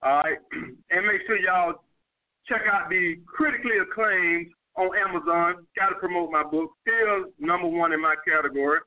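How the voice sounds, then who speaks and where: At a normal speed and in a high register, a male dating coach from New York takes viewer questions and answers them bluntly, profanely, and in relaxed street slang. The recording has a tinny, telephone quality.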